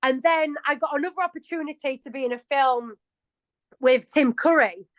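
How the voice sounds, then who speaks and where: A woman's voice: sits high, moderate pace, no room sound, low-quality recording. A woman of forty-one with a Yorkshire accent, a chatty and self-mocking interview guest who laughs often. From England. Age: 40s. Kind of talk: casual interview chat.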